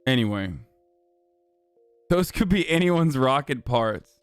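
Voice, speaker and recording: A young man streaming, chatting with his audience in a profane, mocking way and breaking into loud laughs. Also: mid-range voice, animated, slow pace, clean tone, dry recording. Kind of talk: casual livestream chat.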